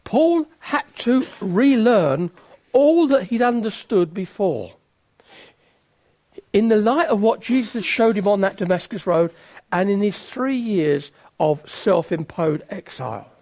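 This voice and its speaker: A preacher giving a sermon in a chatty, self-mocking manner. His voice is high and swings widely in pitch, full of lively emphasis. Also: takes it slowly, long pauses. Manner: conversational, self-mocking, teasing asides.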